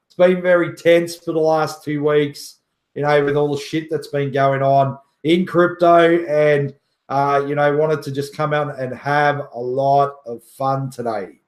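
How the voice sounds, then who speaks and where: A joking, boastful man chats on his livestream, laughing often and swearing. His voice sits fairly high and he talks at a slow, unhurried pace. The sound bounces around an echoey room. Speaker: livestream host. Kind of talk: casual livestream chat.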